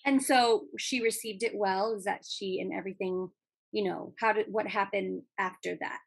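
A woman's voice: mid-range voice, fairly even intonation, normal speed, vocal fry, breathy edge, no echo. A woman hosting a podcast interview, encouraging her guest and laughing often in casual chat. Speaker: podcast host.

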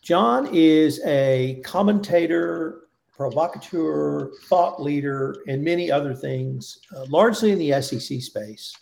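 A man's voice: on the high side, unhurried, creaky, darkish tone. A man hosting a roundtable podcast, talking casually and emphatically, building up points in lists. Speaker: podcast host.

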